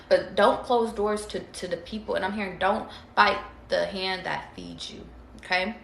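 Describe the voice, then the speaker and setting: A chatty woman doing a relaxed tarot reading, talking straight to her viewers in loose slang and swearing freely. Her voice has a gravelly fry, and the room echoes noticeably. A faint noise floor sits underneath. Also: mid-range voice. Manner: chatty, slangy and profane, addressing viewers directly. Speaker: tarot reader. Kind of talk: casual livestream reading. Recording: roomy echo.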